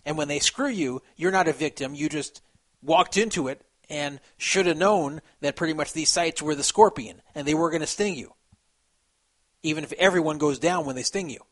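A man giving casual commentary on social media posts, animated and laughing at his own remarks. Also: normal speed. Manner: animated, acts out quoted voices with sudden pitch jumps. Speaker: poker commentator.

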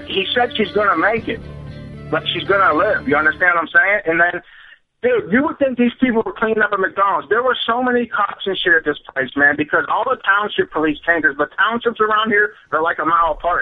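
A man calling into a radio show, telling a story in a rambling, profane way that keeps repeating itself. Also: sits high. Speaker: caller. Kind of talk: emotional call-in storytelling. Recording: dull phone-call sound on radio.

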